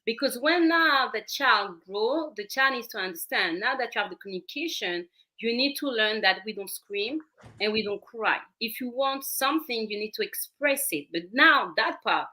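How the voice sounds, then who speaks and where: Bright-voiced woman with a French accent. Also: on the high side, lively intonation, moderate pace. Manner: earnest, explanatory, repeats words when searching. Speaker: parenting coach guest. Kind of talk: talk show interview.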